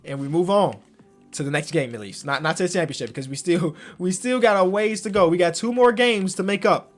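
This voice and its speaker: A young man giving slangy commentary on a basketball video game, swinging from low muttering to loud excited yelling. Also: fairly quick, faint music behind. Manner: slangy, talks to himself about the game. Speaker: gaming YouTuber.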